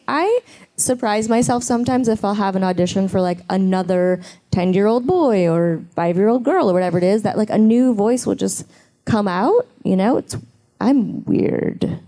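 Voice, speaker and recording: A woman's voice: mid-range voice, animated, normal speed, mellow. A woman answering fan questions at a convention panel, chatty and playful, telling stories. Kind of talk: casual panel Q&A.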